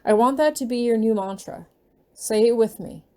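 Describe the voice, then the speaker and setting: Mellow-voiced woman reading fan fiction. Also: mid-range voice, steady tone, fairly quick.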